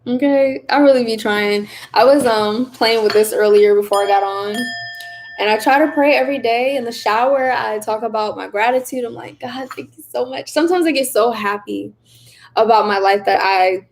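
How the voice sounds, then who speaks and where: A young woman hosting a casual livestream, reading viewer comments aloud in a chatty, animated way and laughing often. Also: a little high, normal speed. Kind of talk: casual live chat.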